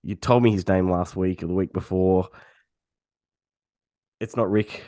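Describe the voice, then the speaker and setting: A man co-hosting a podcast in casual chat, his voice husky for now, relaxed as he shares movie trivia. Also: sits low, a little slow, no echo, clean studio sound. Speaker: podcast co-host.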